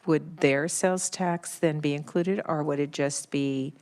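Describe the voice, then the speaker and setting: A woman with a Midwest American accent, a state senator asking questions at a committee hearing, halting and hesitant. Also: deep voice, fairly even intonation, a little mellow. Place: legislative hearing room.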